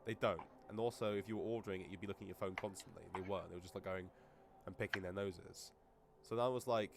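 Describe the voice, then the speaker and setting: Guy low voice rambling crude chat, faint room noise. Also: fairly even intonation, fast talker, vocal fry. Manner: rambling, crude jokey storytelling. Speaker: podcast co-host. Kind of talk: casual chat.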